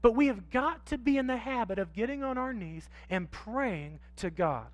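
A man delivers a church sermon in a strikingly high voice, close and dry with almost no room sound. He drops to quiet asides, then climbs into loud, stretched-out emphasis, and slips into little acted voices of hawkers and confessing sinners. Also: lively intonation, normal speed, dry recording. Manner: acts out voices of street sellers and confessing sinners. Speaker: pastor. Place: church sanctuary.

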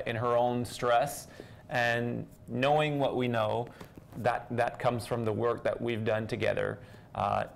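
A man chats casually as a co-host in a gravelly, middle-pitched voice. He sounds relaxed and halting, often restarting a thought. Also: a little hiss or hum. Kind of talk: casual chat.

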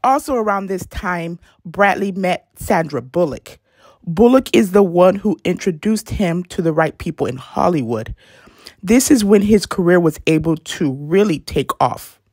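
A woman's voice: on the low side, lively intonation, a little slow, a little mellow, no echo, clean studio sound. A woman narrating a celebrity life story in a chatty video style, with casual asides to her viewers. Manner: chatty asides, self-conscious about censored words. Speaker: YouTube narrator.

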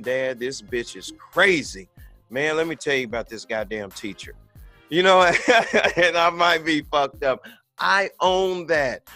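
A podcast host in his thirties delivers a casual monologue, blunt and candid with lots of profanity, acting out the voices of people he quotes. His voice is fairly high and fairly bright, recorded without echo.

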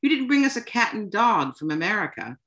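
A woman reading as a calm European man. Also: mid-range voice, fairly quick, pitched above the performer's own voice. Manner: calm, mild and matter-of-fact. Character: calm, philosophical European man, barefoot groom-to-be.

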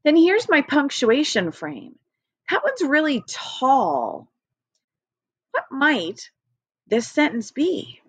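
A woman's voice: a little high, slightly rough, no echo. A woman teacher leading a recorded early-grade phonics lesson, patient and encouraging, spelling out letters one by one. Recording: dry, dull lo-fi home recording.

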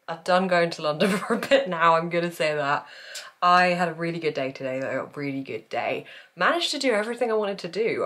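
Chatty low-voiced woman vlogging from home. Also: fairly bright tone. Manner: chatty and enthusiastic, laughs often. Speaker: book vlogger. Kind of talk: casual vlog to camera. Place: at home, indoors.

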